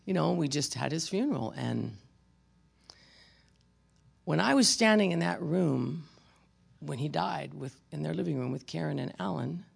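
A pastor preaching a sermon, shifting between emphatic exhortation and quiet storytelling, speaking to the congregation by name. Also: mid-range voice, expressive, moderate pace, creaky, long pauses, breathy edge. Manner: addresses congregation members by name, with wry asides.

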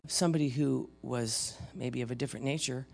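Gravelly-voiced older male preacher. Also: mid-range voice, brisk, faint music behind. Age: 50s or older. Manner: conversational preaching, dramatic readings of scripture, swings between loud and soft. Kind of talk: sermon.

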